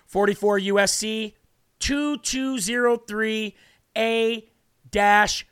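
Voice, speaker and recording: A man hosting a political commentary show, talking combatively and emphatically straight to his viewers, and slowing down to repeat key points. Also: sits high, steady tone, fairly bright tone, smooth.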